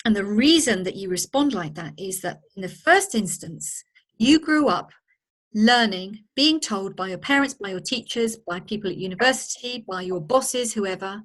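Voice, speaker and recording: A woman with a slightly high voice gives a spoken lesson on handling emotions. She talks in a relaxed, conversational way and slips into little acted-out reactions to illustrate her points. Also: a little fast. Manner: conversational, acts out quoted reactions. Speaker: presenter of a training course.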